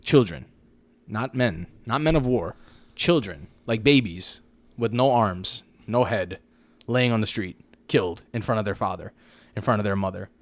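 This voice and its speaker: A man's voice: fairly low pitch, moderate pace, dry recording. Slangy casual man on a podcast. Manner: slangy, animated, repeats "you know what I mean". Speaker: podcast co-host.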